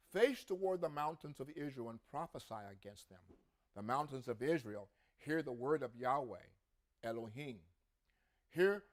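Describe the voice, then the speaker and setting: A man co-hosting a religious podcast, reading scripture aloud with rising emphasis and adding his own comments. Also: medium pitch. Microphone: podcast mic.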